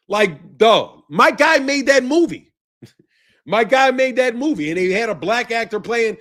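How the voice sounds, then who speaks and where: A man rants on his commentary channel, loud and profane, laughing often between lines. His voice sits high for a man. His pitch swings wide and lively. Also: measured pace. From United States. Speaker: boxing commentary channel host. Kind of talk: ranting commentary.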